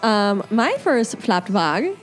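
A woman's voice: mid-range voice, very animated, slow, soft background music. A young woman co-hosting a podcast, telling a story in casual chat and laughing as she goes. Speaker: podcast co-host.

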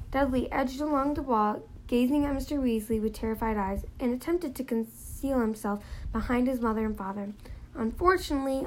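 A woman's voice: a little high, darkish tone, rough recording. A woman reading a novel aloud in a plain manner, now and then slipping and restarting a phrase. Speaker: reader.

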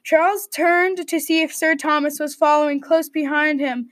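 A woman reading a medieval adventure story aloud at a steady read-aloud pace. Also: high voice, normal speed, no echo.

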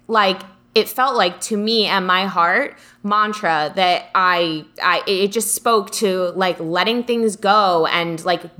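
Bright-voiced chatty woman podcaster. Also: medium pitch. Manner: rambling, full of "like" fillers. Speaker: podcast co-host. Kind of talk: casual chat.

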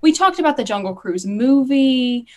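A young woman on a podcast as a guest, a former ride skipper, chatting casually and telling stories fast and eagerly, often laughing. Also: sits high, lively intonation, crowd noise. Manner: bubbly, quick storytelling with laughs.

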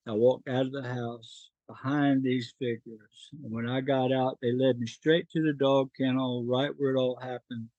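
A man's voice: mid-range voice, little pitch movement, normal speed, hardly any pauses, a little mellow, no room sound, lo-fi sound. A middle-aged man from North Carolina, a podcast guest telling his life story in an emotional, earnest way.

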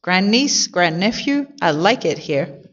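Great Aunt Myra, a slow, stately old great-aunt, as a woman reads her. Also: lowish voice, very animated, fairly bright tone, highs cut off, heavily acted. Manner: slow, measured speech. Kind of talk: storybook character voice.

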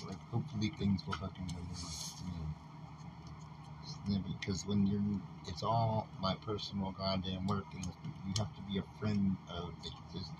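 A man at an ordinary middle pitch, ranting on his own in a loose, rambling way. He swears constantly and sounds agitated throughout, over a clearly noisy ambient background. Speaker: podcaster. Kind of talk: rambling solo rant.

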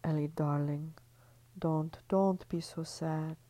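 A woman reading a story, voicing a tender, fatherly man who coos soothing words in a soft whisper. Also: deep voice, fairly even intonation, takes it slowly, no echo, low-quality recording.

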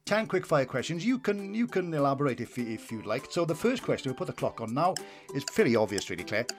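A man's voice: on the high side, lively intonation, quick pace, faint music behind. A man with a West Walian Welsh accent hosting an interview, chatty and rambling, restarting his questions often. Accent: West Wales Welsh. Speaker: podcast host. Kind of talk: casual interview chat.

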